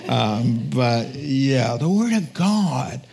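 A man, preaching a lively storytelling sermon, laughing often and dropping to a whisper for quiet lines. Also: medium pitch, extremely slow, gravelly. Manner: animated storytelling, acts out quoted voices, drops to a whisper at times, laughs often. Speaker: pastor.

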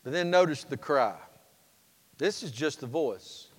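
A man preaching a sermon as pastor, folksy and humorous, moving between loud and hushed passages. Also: fairly high pitch, animated, measured pace, husky. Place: church sanctuary. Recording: long reverb of a church sanctuary.

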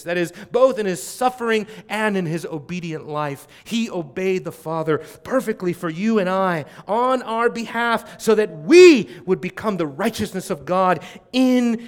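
Male preacher, high voice, impassioned sermon, loud emphasis and soft asides, talks straight to the congregation. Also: smooth. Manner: speaks straight to the audience, with quick conversational asides.

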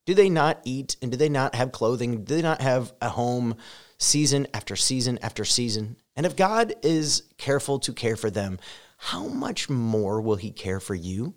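A man's voice: mid-range voice, lively intonation, moderate pace. Male pastor, sermon delivery, earnest and direct, emphatic in scripture reading. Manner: earnest preaching, rising loud and emphatic when reading scripture; direct address to listeners.

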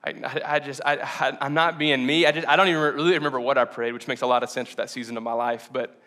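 A young man preaches to his church, telling his own story in an earnest, halting way. His voice is bright and forward, and he sounds close to tears, pausing and restarting as emotion catches him. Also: medium pitch, steady tone. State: choked up, near tears. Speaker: pastor. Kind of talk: sermon. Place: church hall with congregation.

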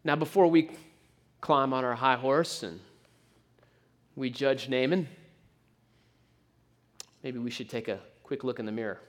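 A man preaching a sermon, telling the story in an animated way with frequent stammered restarts. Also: medium pitch, a little slow, pauses often.

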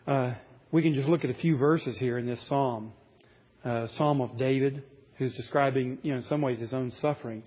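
A man's voice: medium pitch, steady tone, normal speed, muffled recording. A man preaching a sermon, earnest and rising to emphatic passages as he reads scripture aloud. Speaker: pastor.

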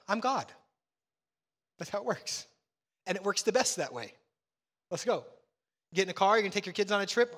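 A middle-aged man preaching a sermon as pastor, animated and acting out bits of dialogue. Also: fairly high pitch, brisk, long pauses, long reverb tail.

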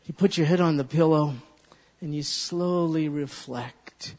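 A man preaching a sermon as a pastor, animated and leading his listeners in repeating a verse aloud. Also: on the high side, a little slow. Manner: animated, leads congregation in call-and-response recitation. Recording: long reverb of a large hall.

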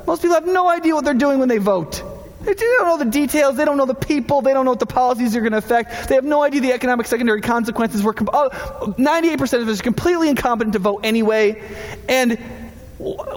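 A man's voice: very high-pitched, animated, fast. A man preaching as a pastor in a casual, conversational sermon, acting out the voices of people he quotes. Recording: long hall reverb.

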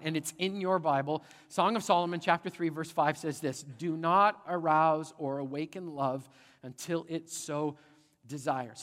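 A middle-aged man preaching a sermon as pastor, animated and conversational, often checking in with the congregation. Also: on the high side. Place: large church sanctuary. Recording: long church hall reverb.

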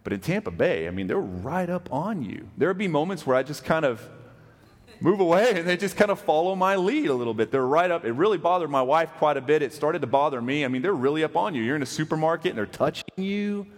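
Texan pastor preaching in a reverberant hall. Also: male voice, on the high side, expressive, fast talker. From West Texas. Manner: conversational, asks the congregation questions. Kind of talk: sermon.

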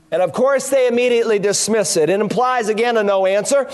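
A man's voice: high-pitched, quick pace, hardly any pauses. A man, a pastor preaching an emphatic expository sermon that leans on rhetorical questions.

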